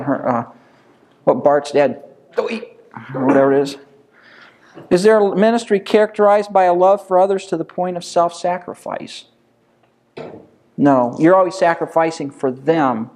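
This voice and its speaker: A man's voice: on the high side, a little mellow. A man leading an informal Bible study lesson, speaking conversationally and firing off rhetorical questions that he answers himself.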